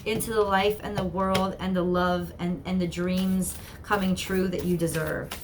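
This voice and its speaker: A woman's voice: on the low side, level tone, normal speed, a little hiss or hum. A woman giving an earnest, encouraging channeled tarot reading, often repeating herself. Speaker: tarot reader.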